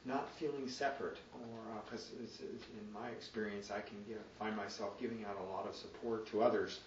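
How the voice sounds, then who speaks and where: A man in a group speaking up hesitantly from across the room, soft-voiced with many fillers. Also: on the low side, fairly even intonation, brisk, lo-fi sound. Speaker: group member sharing. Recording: distant echoey room mic with noise.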